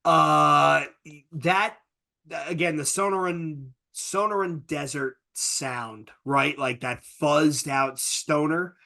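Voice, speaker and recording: Easygoing man, slightly higher voice. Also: fairly even intonation, slow pace, creaky, pushed and bright. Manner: laid-back, lots of fillers. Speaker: podcast co-host. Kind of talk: casual chat.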